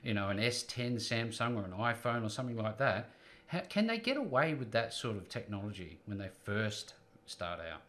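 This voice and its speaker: A man hosts a business podcast and asks his questions at a measured pace. His voice sits fairly low. He backs up his guest with short affirmations. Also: very animated, fairly bright tone. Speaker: podcast host. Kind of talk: interview questions.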